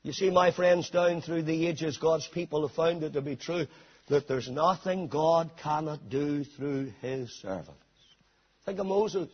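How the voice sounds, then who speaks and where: A man preaching a sermon dramatically, swinging between hushed passages and shouted ones. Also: on the high side, a little slow, husky. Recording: dull lo-fi sermon recording.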